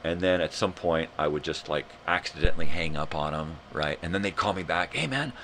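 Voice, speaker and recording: Deep-voiced ranting man. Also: fairly quick, slight background noise. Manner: rambling, profane, animated. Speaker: live show host. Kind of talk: casual rant.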